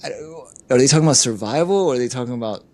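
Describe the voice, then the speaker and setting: A middle-aged life coach tells candid stories in an interview, his medium-pitched, mellow voice moving at a rapid-fire clip. He acts out the people he quotes and says "you know" a lot, keeping it conversational and frank.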